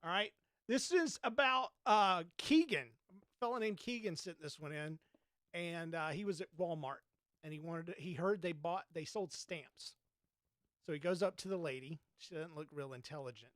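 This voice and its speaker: This podcast host, a Georgia man with a Southern Georgia accent, tells a story while casually commenting on gameplay, chatty and folksy with the odd mild oath. He speaks at a normal speed in a fairly high, slightly bright voice, captured in a dry, clean studio recording.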